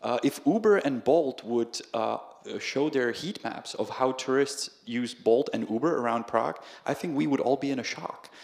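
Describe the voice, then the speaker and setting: A young man with a Czech accent chats as an interview guest. His voice sits at an ordinary pitch and he speaks with animation, often laughing and acting out other people's voices as he tells a story. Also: expressive, moderate pace, creaky, hardly any pauses, darkish tone. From Czech Republic. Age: young adult. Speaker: guest, video creator. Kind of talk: casual storytelling conversation.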